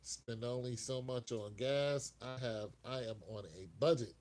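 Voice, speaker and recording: Male live-stream host, casual and rambling, laughs a lot, voice of middling pitch. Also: unhurried, a little mellow.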